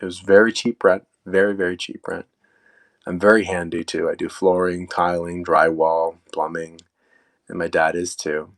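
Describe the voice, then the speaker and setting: Low-voiced young man telling a story. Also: normal speed. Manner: casual, animated retelling with quoted asides and fillers. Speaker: storyteller guest. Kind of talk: personal storytelling.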